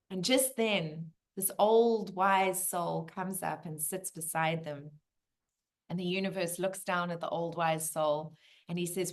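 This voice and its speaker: A woman giving a motivational masterclass, animated and storytelling, with bursts of laughter and quiet moments. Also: lowish voice, measured pace. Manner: animated, laughs and drops to a hush for heavy moments. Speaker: masterclass speaker.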